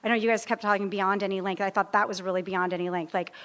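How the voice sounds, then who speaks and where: A woman's voice: medium pitch, fairly even intonation, fast talker, fairly bright tone, clear, resonant tone. A woman in her fifties telling her own story to a live audience at a recovery meeting, humorous and self-deprecating, often wandering off track. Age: 50s. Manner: rambling, humorous, self-deprecating, easily sidetracked.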